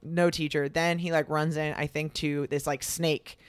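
A young man recounts a story in a loose, chatty way, slipping into the voices he quotes. His voice is smooth and clear and sits a little high. It is recorded close and dry, with no room sound. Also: normal speed, no echo. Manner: animated retelling that acts out quoted lines, lots of fillers. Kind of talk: casual storytelling chat.

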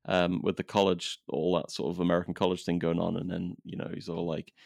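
Man, podcast host, very low voice, gravelly fry, dry close sound, loose rambling chat. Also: fairly quick, dry recording. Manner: rambling, relaxed, restarts and trailing thoughts.

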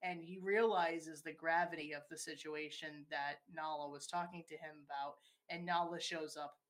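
Woman, lowish voice, casual film chat, detailed scene retelling. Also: fairly bright tone. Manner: retells scenes in detail, acting out quoted lines.

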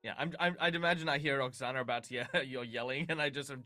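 A man's voice: medium pitch, steady tone, fast, pushed and bright, no room sound. A man playing a tabletop game, rambling with many fillers. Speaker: player. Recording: faint music behind.

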